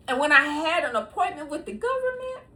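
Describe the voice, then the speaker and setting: High, lively woman in her sixties. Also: a little hiss or hum. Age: 60s. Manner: laughs often between sentences; talks straight to viewers, animated and emphatic. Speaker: host. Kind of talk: casual monologue to camera.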